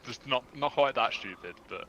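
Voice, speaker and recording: A young man talking on a group call, stammering and joking as he goes. His voice is bright and forward, with faint noise in the background. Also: mid-range voice, animated, muffled recording. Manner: quick, stammery, often laughing. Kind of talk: casual chat.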